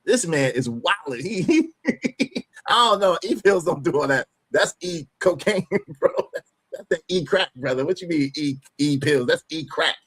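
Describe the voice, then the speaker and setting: A man hosts a live reaction stream, mocking what he watches and laughing often. His voice sits a little high for a man and swings widely up and down. He drives each point home by repeating it. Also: animated, normal speed, a bit bright, husky. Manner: repeats phrases for emphasis. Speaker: livestream host.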